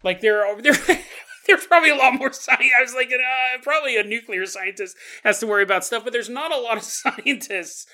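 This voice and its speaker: A man's voice: very high voice, fairly quick, sharp tone. A man hosting a paranormal podcast in a casual, rambling comedic monologue, laughing often and acting out the voices he quotes. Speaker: podcast host.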